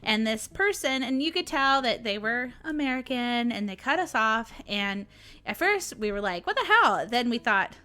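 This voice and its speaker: A woman's voice: on the high side, animated, moderate pace, sharp tone, clear, resonant tone. A woman with a Southern US accent hosting a casual vlog, ranting animatedly with sarcastic asides and frequent laughs. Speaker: vlog host.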